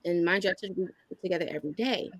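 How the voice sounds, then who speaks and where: A woman's voice: lowish voice, very fast, husky, dry recording, poor audio. A woman in her thirties, candidly telling a personal story as a podcast guest and acting out the lines people said to her. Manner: candid, animated storytelling that acts out quoted lines.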